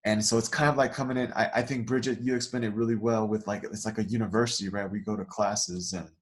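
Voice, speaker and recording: A man's voice: lowish voice, steady tone, fast talker. A man co-hosting a spiritual talk show, explaining ideas in a thoughtful, hedging way. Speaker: co-host. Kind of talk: casual chat.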